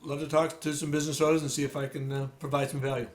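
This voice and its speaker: A man's voice: on the high side, rapid-fire. Boston man telling a story, echoey room. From United States. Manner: relaxed storytelling with many fillers and restarts. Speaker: guest, sales consultant. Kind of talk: casual interview chat.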